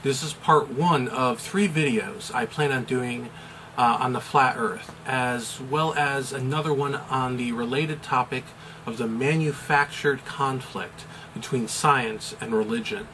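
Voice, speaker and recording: A middle-aged American man, a chaplain, explaining a topic in a measured, deliberate way with some fillers. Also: medium pitch, bright, forceful tone, a little hiss or hum, low-quality recording. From United States. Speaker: chaplain and pastor. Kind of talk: explanatory video commentary.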